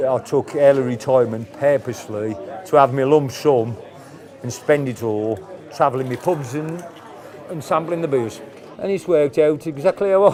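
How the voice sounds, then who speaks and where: A retired man, telling chatty anecdotes full of local slang with little chuckles. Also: mid-range voice. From Black Country, England. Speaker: retired pub enthusiast. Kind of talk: casual storytelling interview.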